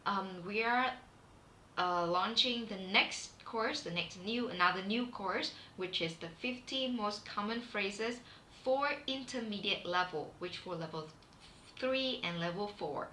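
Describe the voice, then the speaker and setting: A woman's voice: mid-range voice, a little slow, bright, forceful tone. A woman with a Vietnamese accent teaching a live online class, chatty and full of fillers and restarts. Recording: echoey room with faint background hum.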